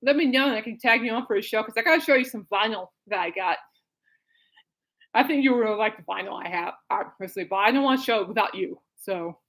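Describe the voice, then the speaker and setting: A woman's voice: medium pitch, quick pace, fairly bright tone, low-quality recording. A woman hosting a podcast in a casual live-stream chat, rambling and breaking into giggles often. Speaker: podcast host.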